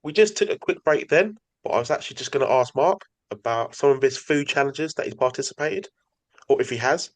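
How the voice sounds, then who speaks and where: An easygoing man from England hosts a podcast interview, chatting loosely with his guests. His voice sits at an ordinary middle pitch. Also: a little fast. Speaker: podcast host. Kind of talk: casual interview.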